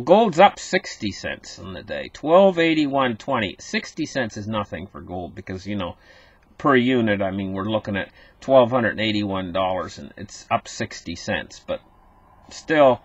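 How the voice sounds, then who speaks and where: A man's voice: lowish voice, big pitch swings, unhurried, fairly bright tone, husky, dry recording, dull audio. A man hosting a casual market commentary, talking straight to his viewers and repeating himself as he goes. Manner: talks to viewers as "guys", repeats words, rambly.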